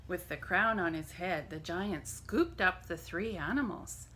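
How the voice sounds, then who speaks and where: A woman leading a church family program, reading a children's story aloud in an expressive storytelling manner. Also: on the low side, a little slow, a little hiss or hum.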